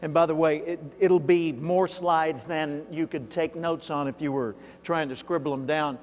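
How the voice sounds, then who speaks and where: A man's voice: a little high, steady tone, moderate pace. A man from Arkansas with a toned-down Southern accent, giving a keynote speech and telling folksy stories with asides to the audience. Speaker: keynote speaker. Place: large hall. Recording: reverberant hall, live event.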